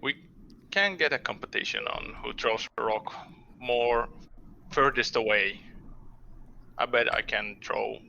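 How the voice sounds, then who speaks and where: A gravelly man with a bright, sharp edge and a very lively pitch, playing a tabletop game with playful eagerness. His voice comes through a slightly dull, lo-fi mic. There is a faint hiss behind it. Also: a little slow, long pauses. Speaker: player.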